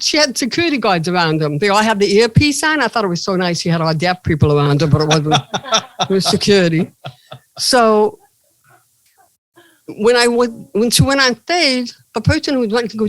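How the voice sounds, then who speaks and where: A woman comedian and motivational speaker, a guest in an interview, telling animated stories with playful jokes. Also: medium pitch, fairly quick, no echo, poor audio. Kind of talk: casual interview storytelling.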